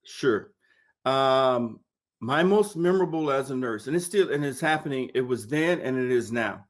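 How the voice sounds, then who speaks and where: A middle-aged man from Mississippi recounts his path into nursing in a relaxed oral history interview. He brings the story alive by acting out the lines of the people in it, and often repeats words as he goes. He sits at a mid-range pitch and talks over a video call. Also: normal speed. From Mississippi, United States. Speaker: nurse interviewee.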